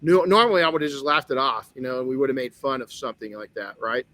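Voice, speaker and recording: A man's voice: mid-range voice, fast talker, sharp tone, dry recording. A middle-aged man hosting a motivational podcast, telling a personal story earnestly with many restarts. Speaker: podcast host.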